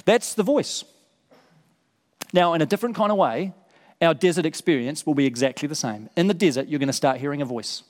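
Male pastor, sermon delivery, earnest and repetitive for emphasis, somewhat high pitch, reverberant hall. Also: lively intonation, brisk. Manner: earnest, repeats words for emphasis.

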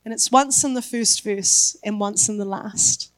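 A woman's voice: mid-range voice, measured pace, no echo. A woman pastor preaching a sermon, emphatic and building her points through repetition.

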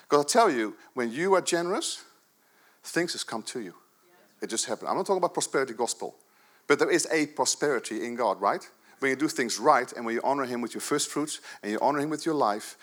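A man in his fifties, a pastor giving a jokey, animated sermon at a church service, swinging between loud bursts and soft asides. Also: medium pitch.

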